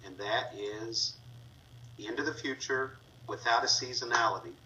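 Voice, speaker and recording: A man's voice: medium pitch, normal speed, sharp tone, dull audio. A man teaching a class, talking through each step of a screen-recorded spreadsheet tutorial with frequent fillers as he clicks along. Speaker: instructor. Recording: distant mic with faint noise.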